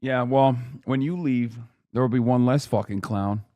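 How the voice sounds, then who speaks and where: A man's voice: mid-range voice, normal speed, dull audio, heavy background noise. A man hosting a stream, reacting to a clip with casual, profane, exasperated ranting.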